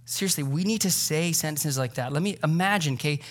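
A man's voice: a little high, fast talker. Casual, conversational man preaching. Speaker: pastor. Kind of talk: sermon. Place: church sanctuary.

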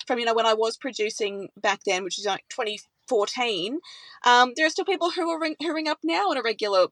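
A woman's voice: a little high, fairly quick, a bit bright, dry recording, poor audio. A woman who works as a radio presenter, talking with enthusiasm in a conversational interview. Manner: enthusiastic, emotional.

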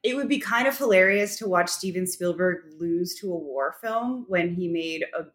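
A woman in her thirties co-hosting a podcast, quick and joking in casual chat. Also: lowish voice. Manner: quick, joking, laughs easily. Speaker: podcast co-host.

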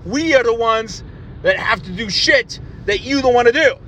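A man with a high voice hosts a podcast and launches into a blunt, exasperated rant, swearing freely. His tone stays irritated and unfiltered throughout. A faint hum of noise sits behind him. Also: lively intonation, moderate pace, a bit bright. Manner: blunt, profane, exasperated ranting. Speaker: podcast host. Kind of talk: ranting podcast monologue.

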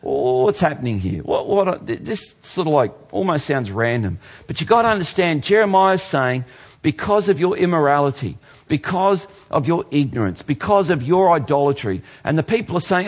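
A male pastor preaching a sermon, dropping low and slow for scripture and jumping higher for playful mock voices. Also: big pitch swings.

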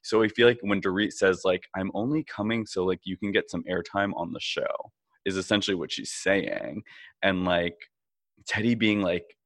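A man's voice: sits low, steady tone, normal speed, a bit bright. A man co-hosting a podcast, chatting loosely about a reality show, laughing often and swearing casually. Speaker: podcast co-host.

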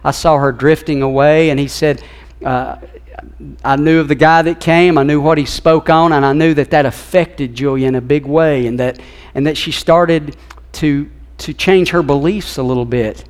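Man pastor, sermon, earnest storyteller, somewhat high pitch, church. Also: fairly even intonation, normal speed. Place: church sanctuary.

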